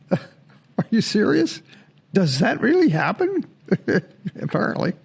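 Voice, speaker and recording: Chatty man hosting a sports show. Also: sits high. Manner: chatty, laughs often, mocks commenters. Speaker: sports podcast host. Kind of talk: casual monologue to viewers.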